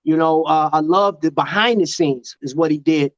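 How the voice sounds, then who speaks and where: A man from Chicago hosts a casual live-stream talk show and tells lively stories that he breaks up with laughter. His voice sits high for a man. The sound is dry, dull and lo-fi. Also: normal speed, no room sound. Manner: animated storyteller, laughs often. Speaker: host.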